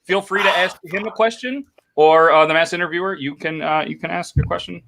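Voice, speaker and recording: A man's voice: fairly high pitch, a little fast, creaky, pushed and bright. A man hosting a podcast game segment in a playful, upbeat way, with many fillers. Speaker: podcast host. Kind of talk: casual game-show hosting.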